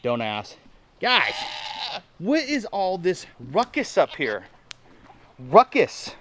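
A man with a slightly high voice gives a chatty, folksy farm vlog outdoors. He talks to the camera through a handheld mic and turns excited and sing-song when he talks to his goats. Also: slow pace, slight background noise. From Nebraska, USA. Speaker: homestead vlogger.

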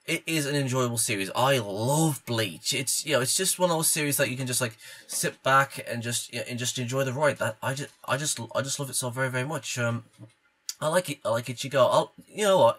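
A man with a cold reacting to anime clips in a casual vlog, excitable and stumbling over his words. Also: mid-range voice. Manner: stammering, excitable, restarts often. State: congested from a cold.

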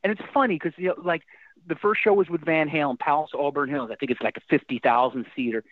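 A man's voice: on the high side, fast talker, dry recording. A middle-aged man, a rock singer and guest, telling stories animatedly in a casual interview. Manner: animated storyteller with restarts and fillers. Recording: thin phone-like line, dry.

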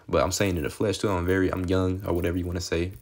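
In a low-pitched, level voice, a young man races through an informal Bible talk as a street preacher. He curses without restraint and keeps punctuating his lines with "man" and "okay."

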